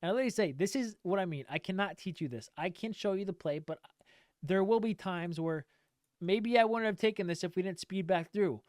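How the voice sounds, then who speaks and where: Male trading streamer, emphatic and repetitive, resonant tone, somewhat high, dry close sound. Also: a little fast, a little mellow, dry recording. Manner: emphatic, repetitive, swears casually. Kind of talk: direct-to-camera rant.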